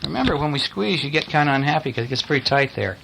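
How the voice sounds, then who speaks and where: A man's voice: medium pitch, lively intonation, fast, creaky, noisy background. A man reading picture books aloud to a child in bed, breaking off in a chatty, playful way to point out the pictures. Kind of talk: bedtime story reading. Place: in bed at home.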